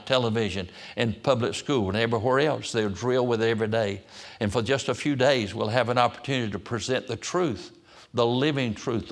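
Fervent preacher man. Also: mid-range voice. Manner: fervent, pleading, repetitive appeals to God. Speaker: pastor. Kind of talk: sermon with prayer.

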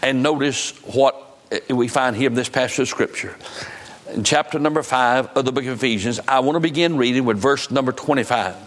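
A man preaching to his church congregation, slowing down when he quotes scripture. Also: medium pitch. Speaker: pastor. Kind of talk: sermon. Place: church sanctuary.

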